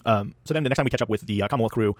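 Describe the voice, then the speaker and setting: A man's voice: on the low side, racing, no room sound, clean studio sound. A man hosting a podcast, recapping an episode in casual chat, rambling with fillers and acting out the characters' lines. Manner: rambling with fillers, acts out quotes. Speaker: podcast host.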